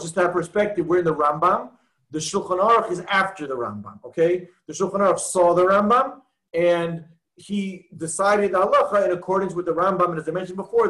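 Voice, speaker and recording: A man with a high-pitched voice leads a text-study class, walking his students through a passage one step at a time. He reads Hebrew and Aramaic terms aloud and keeps asking the class whether they see the point. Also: a bit bright, low-quality recording. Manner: explains step by step, asks students questions. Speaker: teacher.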